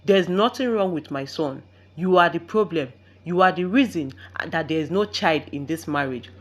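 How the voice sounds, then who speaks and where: A cold, disdainful mother-in-law, scheming and spiteful, read out by a woman narrator. Her voice sits on the low side and swings widely as she sneers in this spoken story. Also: expressive, normal speed. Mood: scornful.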